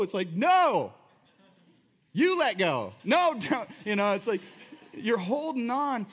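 A man preaching a sermon in a conversational, animated way, acting out voices as he tells the story. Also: sits high. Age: adult. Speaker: pastor.

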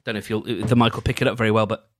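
Rambling, gentle podcast man. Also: on the low side, little pitch movement, rapid-fire, no room sound, soft background music. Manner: meandering, self-interrupting, gentle. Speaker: podcast host. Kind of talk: casual solo podcast chat.

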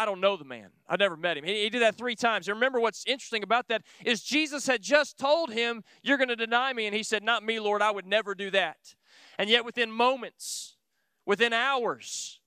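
A man preaches with earnest emphasis, firing rhetorical questions at his listeners. His voice sits high for a man and rings bright and smooth. The sound is dry and close. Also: no echo. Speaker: pastor. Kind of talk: sermon to a small group.

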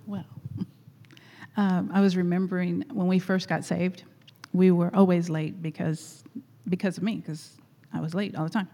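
A woman's voice: on the low side, little pitch movement, normal speed, dark tone. A woman telling a personal story at church, chatty and rambling with frequent laughs. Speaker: guest speaker at church. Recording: echoey hall.

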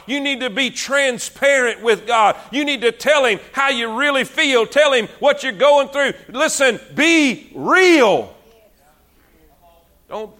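A man preaching a sermon, exhorting his congregation with repeated phrases and building to fervent shouts. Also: extremely high pitch.

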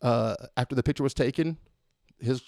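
A man telling a long story in casual chat, animated and swearing freely. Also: medium pitch, normal speed, gravelly, dry recording, clean studio sound. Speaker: podcast host telling a story.

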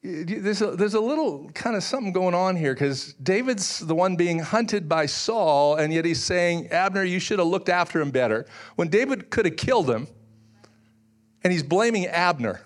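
A man delivers a sermon as pastor, his voice sitting a little higher than most men's. He walks through scripture in an easygoing, conversational way, leaning on filler words. He drops in dry, humorous asides as he goes. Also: animated, moderate pace.

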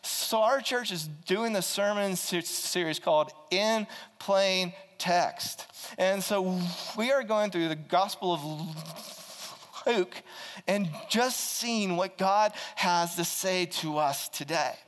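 A man preaching a sermon as a pastor, telling a personal story in an animated way, with frequent restarts and stammers. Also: high voice, slow pace, in a large hall, a little hiss or hum. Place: church.

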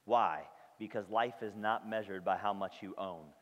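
A man's voice: lowish voice, normal speed, muffled recording. A man preaching a sermon to his congregation in a church, speaking emphatically and often checking in with them. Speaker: pastor. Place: church sanctuary. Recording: long reverb of a large hall.

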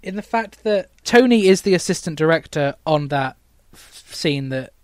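A man's voice: fairly high pitch, expressive, normal speed, darkish tone, no room sound. A young man with a British accent co-hosting a casual film review chat, chatty and laughing easily. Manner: chatty, laughs often, stumbles over words. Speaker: podcast co-host.

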